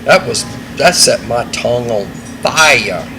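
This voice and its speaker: A man's voice: medium pitch, lively intonation, slow pace. A man in easygoing, casual podcast chat. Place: cigar lounge. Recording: noisy room ambience.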